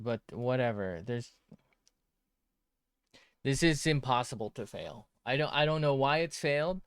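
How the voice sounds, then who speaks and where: A man's voice: medium pitch, lively intonation, measured pace, pauses often, clear, resonant tone, no echo, studio quality. A man streaming himself drawing, muttering to himself in casual commentary, swearing often and joking at his own expense.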